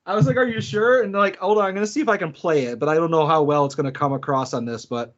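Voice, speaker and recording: A man with a fairly high, rapid-fire delivery co-hosts a podcast, chatting casually and narrating stories with animation. He acts out quotes and laughs a lot; the recording has a dull, lo-fi podcast quality.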